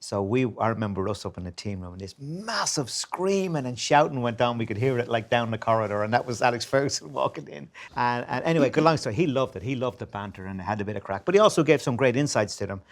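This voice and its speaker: A middle-aged Irish man, a former golf team captain, telling an animated anecdote over dinner. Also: mid-range voice. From Ireland. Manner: animated storyteller, quick delivery. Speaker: former Ryder Cup captain. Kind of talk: anecdotal casual chat.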